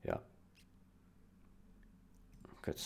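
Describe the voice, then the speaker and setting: A man thinking aloud as he types a reply to a code review on a programming stream, slow and hesitant, with many fillers and restarts. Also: a little hiss or hum.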